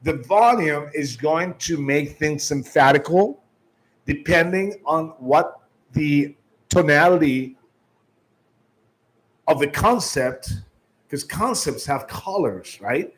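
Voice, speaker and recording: A man's voice: fairly high pitch, expressive, slow pace, pauses often, breathy edge, rough recording. A man giving sales training, emphatic, restarting often and shifting his tone and volume to demonstrate.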